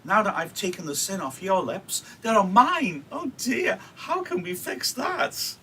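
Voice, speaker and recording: A male teacher voicing a playful, teasing young woman in a high, mock-fretful sing-song. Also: huge pitch swings, unhurried, pushed and bright, far from the mic, a little hiss or hum, exaggerated voice.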